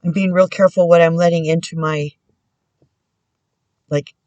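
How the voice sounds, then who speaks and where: A woman giving a casual spiritual tarot reading at home. She speaks gently and prayerfully, with many pauses and restarts. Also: fairly low pitch, steady tone, no room sound, muffled recording. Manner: halting and soft-spoken, many pauses and restarts. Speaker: tarot reader and spiritual channeler. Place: indoors at home.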